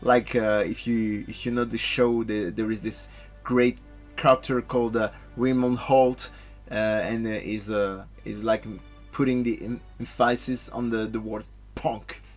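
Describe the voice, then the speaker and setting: A man hosting a let's play, commentating casually in a halting way with many restarts and fillers. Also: on the low side, little pitch movement. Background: game music.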